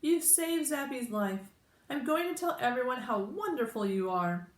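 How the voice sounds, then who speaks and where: Woman doing a sobbing, squeaky young girl. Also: lively intonation, moderate pace. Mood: tearful. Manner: sobbing, pleading, high-pitched. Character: weepy distraught young girl client. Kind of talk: storybook read-aloud. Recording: roomy echo.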